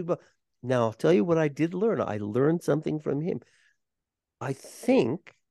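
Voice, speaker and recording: A man's voice: a little high, creaky, no echo, studio quality. An older man, a performer and voice coach, telling stories as a guest on an interview podcast. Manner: animated, warm anecdote telling. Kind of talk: conversational interview storytelling.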